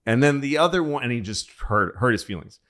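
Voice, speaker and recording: A man's voice: mid-range voice, lively intonation, a little fast, fairly bright tone. A man hosting a comedy podcast who tells history stories in a rambling, profane, casual way. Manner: rambling, profane, restarts often. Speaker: podcast host.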